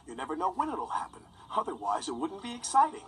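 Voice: mid-range voice, wildly swooping pitch, fast talker, vocal fry, background noise, pitched above the performer's own voice. A narrator voicing a cheerful male bus with a chirpy, knowing, singsong manner. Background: music.

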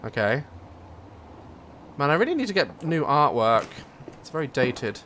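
A man's voice: mid-range voice, sing-song, unhurried, a bit bright, a little hiss or hum. A young man commentating a horror game, joking nervously and breaking into sudden screams. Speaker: gaming YouTuber.

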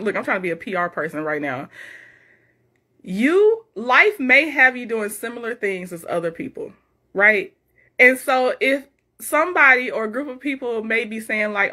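A woman whose voice sits a little high hosts an informal live stream. She voices viewer comments and reacts with energetic chatter, laughing frequently.

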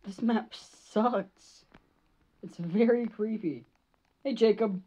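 A woman's voice: medium pitch, takes it slowly, mellow. A woman gamer giving live gaming commentary, jumpy, swearing and shrieking at scares, on a slightly dull lo-fi mic.

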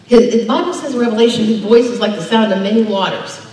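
A woman's voice: fairly high pitch, quick pace, a little mellow, a little hiss or hum. Woman preaching in an echoey hall. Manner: emphatic, draws call-and-response from the congregation. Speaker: pastor. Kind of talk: sermon. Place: church sanctuary. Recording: echoey church hall, distant mic.

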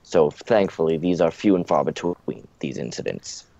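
A man's voice: extremely low pitch, lively intonation, moderate pace, vocal fry, mellow, no echo, voice pushed down, heavily acted. A man voicing a polite manor butler who speaks formally and deferentially, with fillers. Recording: dull lo-fi dry mic.

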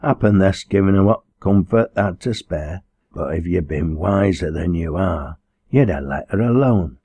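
A man's voice: low-pitched, lively intonation, a little slow, dark tone, slightly rough, dry recording, lo-fi sound, heavily acted. A man voicing a stubborn young pit girl who speaks bluntly and steadily in a broad Lancashire dialect. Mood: stern.

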